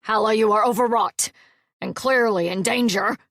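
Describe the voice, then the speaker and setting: A woman's voice: fairly high pitch, normal speed, a bit bright, no echo, pitched above the performer's own voice. A pompous, cowardly young cousin from a fantasy audiobook, blustering self-importantly in a slightly raised voice, as a woman narrator puts him on. The sound is close and dry.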